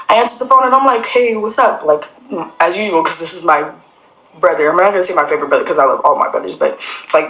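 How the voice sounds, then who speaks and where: Young woman, low-ish voice, casual rambling storyteller who acts out quoted dialogue. Roomy, echoey recording. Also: a bit bright. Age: young adult. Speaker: guest sharing a personal story. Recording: roomy echo.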